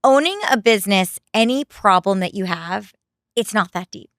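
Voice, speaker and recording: A woman's voice: mid-range voice, lively intonation, normal speed, a bit bright, no room sound, clean studio sound. A young woman chatting as a podcast guest, bubbly, laughing often and saying "like" a lot. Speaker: podcast guest, candy company founder. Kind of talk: casual podcast chat.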